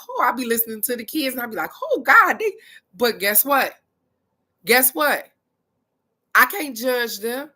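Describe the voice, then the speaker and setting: A middle-aged woman, giving a casual, blunt spiritual card reading and cussing freely. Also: medium pitch. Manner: blunt and animated, cusses freely.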